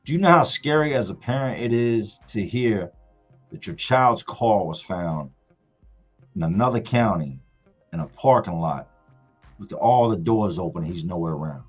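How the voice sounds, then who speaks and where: Husky-voiced man telling a story. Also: lowish voice, normal speed. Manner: emphatic, animated retelling with colloquial speech. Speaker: livestream host. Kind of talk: casual storytelling. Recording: muffled audio with faint music.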